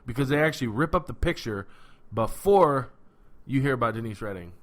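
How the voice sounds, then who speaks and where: A man's voice: mid-range voice, animated, brisk. A man co-hosting a casual TV recap podcast, talking in loose, profane banter with frequent laughs. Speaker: podcast co-host.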